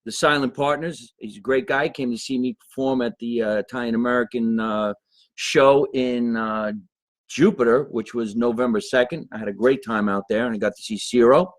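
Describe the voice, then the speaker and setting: A man's voice: mid-range voice, normal speed, dry recording. A man hosting a casual live chat show as a comedian, joking and laughing with viewers. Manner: laughs often, animated banter with viewers. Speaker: comedian host.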